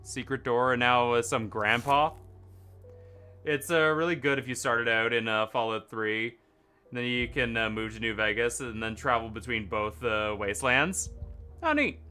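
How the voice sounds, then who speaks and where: Bright-voiced man streaming a game. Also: mid-range voice, normal speed, smooth, soft background music. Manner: reads characters' lines aloud, with sudden loud excited outbursts to chat. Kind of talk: game stream commentary and reading dialogue aloud.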